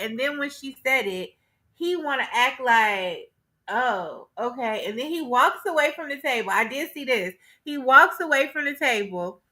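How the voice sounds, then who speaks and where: A woman co-hosting a relaxed recap conversation, with a bright, high voice. She talks animatedly, laughs often and acts out the quoted dialogue as she retells events. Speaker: co-host. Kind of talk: casual recap chat.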